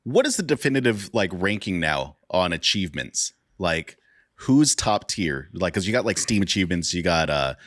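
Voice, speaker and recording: A man's voice: low-pitched, big pitch swings, normal speed, fairly bright tone, dry recording, clean studio sound. A man co-hosting a podcast, asking questions in an easygoing, casual way. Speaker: podcast co-host. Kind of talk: casual chat.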